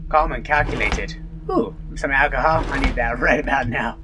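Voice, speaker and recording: A man's voice: mid-range voice, moderate pace, noisy background. A man hosting a horror let's play, joking and exclaiming as he reacts to the game. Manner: jumpy, exclaiming and joking at the screen. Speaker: gaming video host.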